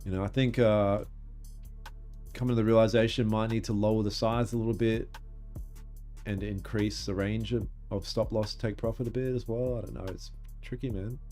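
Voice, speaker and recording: Young man, streaming host, relaxed and profane, faint music behind. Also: lowish voice, normal speed. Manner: laid-back, swears casually, reacts and laughs at clips. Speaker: livestream trading host. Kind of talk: casual livestream chat.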